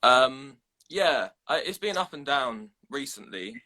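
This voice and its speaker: A man's voice: medium pitch, animated, takes it slowly, sharp tone. A young man joining a live video call, hesitant and shy, with frequent small laughs. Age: young adult. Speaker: caller on a live video chat. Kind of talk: casual chat.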